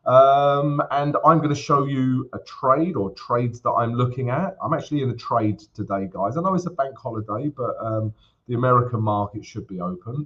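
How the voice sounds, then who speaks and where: A man's voice: medium pitch, fairly bright tone, highs cut off. A man hosting a casual livestream, chatting with viewers and walking through a currency chart. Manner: chatty, addresses viewers as guys, greets chat by name. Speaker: forex trading livestream host.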